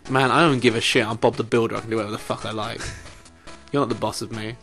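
A man commentating on a game, sweary and exasperated with a deadpan edge. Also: on the low side, fast, faint music behind. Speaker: let's play commentator. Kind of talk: casual gameplay commentary.

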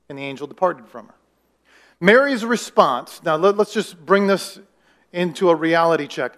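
A man's voice: a little high, normal speed, fairly bright tone. A man preaching a sermon as pastor, talking conversationally, asking the congregation questions and acting out the voices of people in the story. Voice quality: acts out quoted voices in the story.

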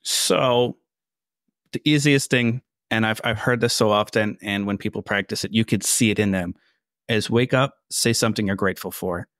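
A man's voice: fairly low pitch, moderate pace, a bit bright, dry recording, studio quality. A man as a mindset coach guest on a podcast, earnest and explanatory with frequent fillers. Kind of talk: casual interview chat.

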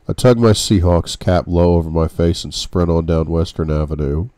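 A man narrating an audiobook in the first person, with a brooding, measured reading. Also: low-pitched, warm tone, dry recording.

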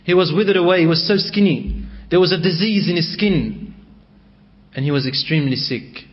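A man's voice: a little high, moderate pace, muffled recording. A male preacher telling a story in a sermon, emotive and mixing in Arabic phrases.

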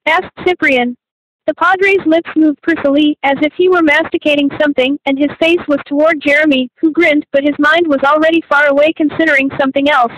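High-voiced woman narrating an audiobook. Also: steady tone, a little fast, a bit bright, low-quality recording. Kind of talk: scripted narration.

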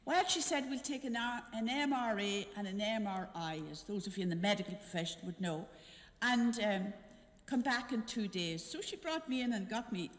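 A woman's voice: mid-range voice, normal speed. An older nun telling a personal story to a congregation, acting out the dialogue as she goes. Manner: animated, acts out dialogue in her story. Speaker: visiting nun giving a mission talk. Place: church. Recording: church hall reverb.

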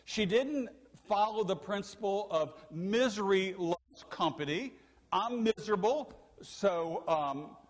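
An older man, a pastor, preaching a sermon, telling stories and asking the congregation questions. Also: high voice. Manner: animated storytelling preacher, asks the congregation questions. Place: church sanctuary. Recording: long church hall reverb.

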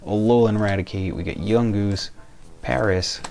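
A man's voice: lowish voice, moderate pace, creaky, a little mellow, soft background music. A young man casually opening trading card packs, reading out the cards and grumbling in mock outrage when the packs come up short. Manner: exasperated, muttering card names, mock outrage. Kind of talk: casual pack-opening commentary.

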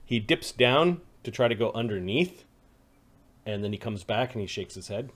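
A man's voice: lowish voice, expressive, moderate pace, a bit bright. Easygoing male game master narrating. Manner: descriptive, casual with fillers.

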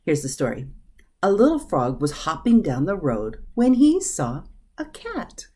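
A woman reading a children's story aloud in a slow, very expressive way. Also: sits low, slightly rough.

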